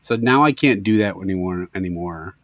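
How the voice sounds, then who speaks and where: A man in his thirties co-hosting a casual podcast, relaxed and joking, with plenty of swearing. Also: low-pitched, brisk, no room sound. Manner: laid-back, swears and laughs often. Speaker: podcast co-host. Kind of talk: casual chat.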